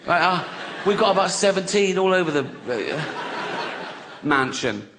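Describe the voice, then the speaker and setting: A man's voice: high-pitched, very animated, a little slow, noisy background. A man in his sixties doing a crude, conversational stand-up routine, often chuckling at his own jokes. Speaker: stand-up comedian. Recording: loud audience laughter behind. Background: audience laughter.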